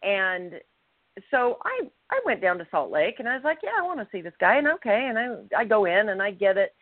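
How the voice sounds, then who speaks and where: A woman co-hosting a podcast, telling a personal story with animated, acted-out quotes. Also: medium pitch, a little fast, dry recording. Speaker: podcast co-host. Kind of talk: casual storytelling. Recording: tinny phone-line sound, dry.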